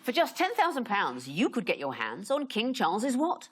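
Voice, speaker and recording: A woman's voice: on the high side, huge pitch swings, normal speed, heavy background noise. Wry woman hosting a comedy quiz. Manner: dry, wry delivery of jokes. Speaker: quiz show host. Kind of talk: scripted comic quiz presenting.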